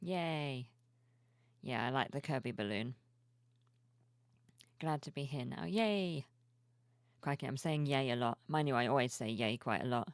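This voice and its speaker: A sleepy woman streamer chatting softly and cheerfully with her viewers at home, reading their messages aloud. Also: rumbling low, measured pace, pauses often, dry recording, clean studio sound. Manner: soft-spoken, cheerful, reads chat aloud. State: sleepy, yawning. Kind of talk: casual live-stream chat. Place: home room with plushies.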